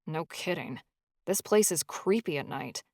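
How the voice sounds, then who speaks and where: A woman voicing a soft-spoken young husband. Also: deep voice, fairly even intonation, a little fast, no room sound, clean studio sound. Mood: uneasy. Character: protective young husband, quiet and gentle. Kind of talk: audiobook character voice.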